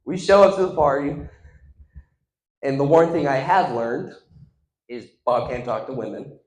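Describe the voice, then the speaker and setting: A young man doing stand-up, telling an animated story and acting out the other people in it. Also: mid-range voice, a little slow. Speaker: stand-up comedian. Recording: echoey room.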